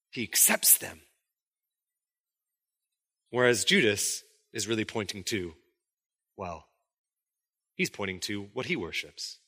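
A man's voice: lowish voice, measured pace, pauses often, breathy edge. A man preaching a sermon in a conversational way, acting out quotes from the story as he goes. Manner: conversational, animated, acts out quotes. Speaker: pastor.

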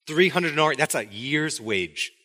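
A pastor with a fairly high voice, speaking at a moderate pace, preaches a sermon conversationally. He's animated and acts out quotes from the story as he goes along.

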